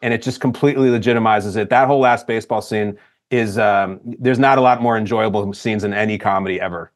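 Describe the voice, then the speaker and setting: An American man co-hosting a podcast, chatting casually and enthusiastically about a comedy film, jumping in with quick reactions. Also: lowish voice, steady tone. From United States. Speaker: podcast co-host. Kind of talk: casual movie chat.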